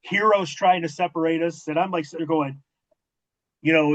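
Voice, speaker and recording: A man's voice: a little high, moderate pace. A man hosting a wrestling interview, telling backstage stories casually, with profanity and acted-out dialogue. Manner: profane, animated storytelling with quoted dialogue. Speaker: podcast host and former wrestling manager. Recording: dull lo-fi audio.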